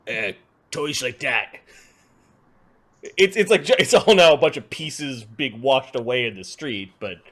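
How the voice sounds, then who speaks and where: A man narrating as game master of a tabletop game, relaxed and chuckling, with many fillers. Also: medium pitch, unhurried.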